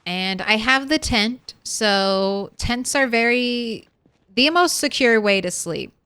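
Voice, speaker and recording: Young woman streamer, chatty and giggly, slow smooth delivery, dry sound. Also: fairly high pitch, expressive, a bit bright, dry recording. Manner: chatty, laughs often. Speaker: game streamer. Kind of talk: casual gameplay commentary.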